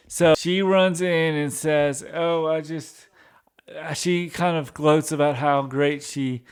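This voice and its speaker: Male recap host, unhurried, smooth tone, loose and rambling. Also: mid-range voice. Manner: rambling, frequent restarts and fillers. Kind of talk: casual episode recap.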